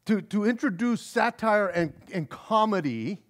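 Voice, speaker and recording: A male pastor preaching a verse-by-verse sermon in an earnest way, often stumbling over and restarting his words, and reading scripture aloud slowly. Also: sits high, lively intonation. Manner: earnest, frequent stammered restarts. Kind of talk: expository sermon.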